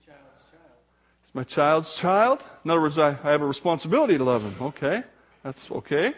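An older man, a grandfather, preaching a sermon as pastor, animated and acting out the voices of people in his stories. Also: fairly high pitch, moderate pace, long pauses.

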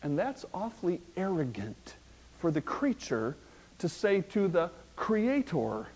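High-voiced emphatic male preacher. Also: very animated, a little hiss or hum, poor audio. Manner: emphatic, slowing down to stress key words; swings between hushed asides and loud rising emphasis. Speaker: pastor. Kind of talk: sermon. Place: church.

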